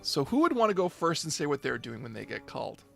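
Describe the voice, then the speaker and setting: A man narrating a tabletop game as game master, in a lively storytelling way. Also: fairly high pitch, fast talker, gravelly, faint music behind.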